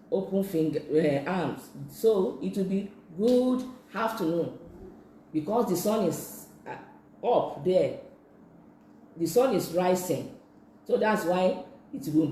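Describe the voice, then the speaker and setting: A sign language instructor, teaching slowly and patiently in a live-streamed lesson, repeating each phrase many times. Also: medium pitch, dark tone, a little hiss or hum. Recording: echoey room.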